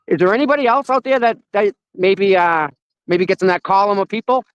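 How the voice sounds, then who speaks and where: A man asking questions in a casual chat, halting and supportive. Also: high-pitched, clear, resonant tone, no echo, highs cut off. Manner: halting, supportive, restarts often. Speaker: interviewer.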